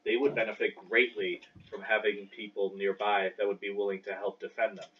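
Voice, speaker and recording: A man playing in a tabletop game, speaking in a formal, measured way as his character. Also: lowish voice, little pitch movement. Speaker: player. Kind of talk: in-character negotiation. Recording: distant, dull mic with faint noise.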